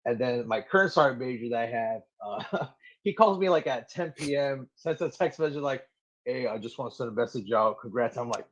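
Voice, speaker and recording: Marine guest, man in his 30s, mid-pitched, lively storyteller, full of "like"s, slightly muffled lo-fi sound. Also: fairly quick. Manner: animated, filler-heavy storytelling with many "like"s. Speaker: Marine gunnery sergeant guest. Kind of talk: casual storytelling in an interview. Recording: slightly dull lo-fi audio.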